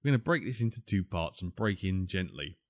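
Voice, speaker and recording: A man's voice: sits low, very animated, fairly quick, no echo, clean studio sound. A man hosting a podcast, joking, swearing and teasing his co-hosts in casual banter. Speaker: podcast host.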